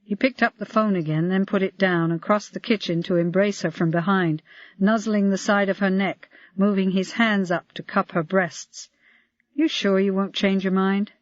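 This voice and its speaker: Brief: measured crime-novel narrator, mid pitch, dry muffled recording. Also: fairly even intonation, dry recording. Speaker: audiobook narrator. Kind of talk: scripted narration.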